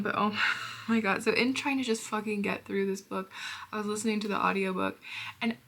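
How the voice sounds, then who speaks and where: A woman talks through a casual book review with blunt sarcasm and plenty of swearing. Her bright voice carries a steady vocal fry, and she often drops into whispered asides. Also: medium pitch.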